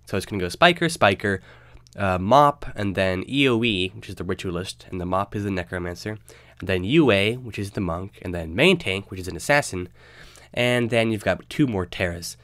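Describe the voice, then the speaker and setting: A man's voice: on the low side, lively intonation, moderate pace, fairly bright tone, no room sound. A young man with a stuffy, nasal voice from a cold, casually narrating a game guide with loose, rambling fillers. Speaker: game guide video host.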